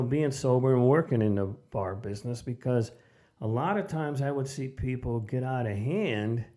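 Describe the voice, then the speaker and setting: A man's voice: medium pitch, warm tone. An older man hosting a sobriety channel, telling a personal story in a casual, plainspoken way with lots of "you know" and "man".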